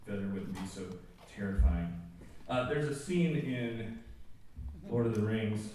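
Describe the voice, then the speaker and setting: A man speaks in a casual, joking way to a school audience, full of asides. His voice is mellow and dark. It booms around a big echoey auditorium, caught from a distance with faint noise underneath. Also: animated, a little slow. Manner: conversational and joking, with many asides. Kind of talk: informal chapel talk.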